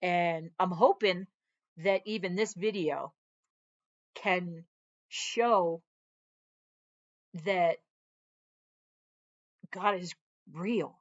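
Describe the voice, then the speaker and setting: A woman's voice: on the low side, extremely slow, pauses often, muffled recording. A woman Air Force veteran talking earnestly in a casual vlog, her arm in a sling, chatting on and breaking off to scold her dog. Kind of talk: casual heartfelt vlog talk.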